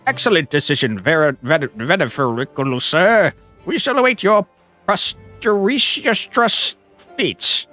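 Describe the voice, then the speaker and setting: A man's voice: on the high side, lively intonation, takes it slowly, pushed and bright, faint music behind, heavily acted. A man reading out a pompous, long-winded male count in a video game, in a grandiose, overly formal manner. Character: pompous verbose male count, fawning herald. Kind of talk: reading game dialogue aloud.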